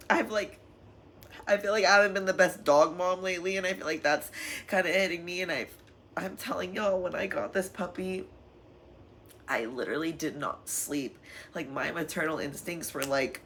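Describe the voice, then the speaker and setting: A woman's voice: on the low side, moderate pace, fairly bright tone. Young woman, candid vlog voice, rambling and emotional, faint noise behind. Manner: emotional, tearful at times, laughing through it; rambling with frequent fillers. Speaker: vlogger.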